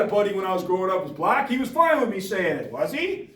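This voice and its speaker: A man's voice: sits high, big pitch swings, fast talker, fairly bright tone. Emphatic man speaking to students. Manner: emphatic, rhetorical questions to the audience. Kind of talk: motivational talk. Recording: echoey room from far off.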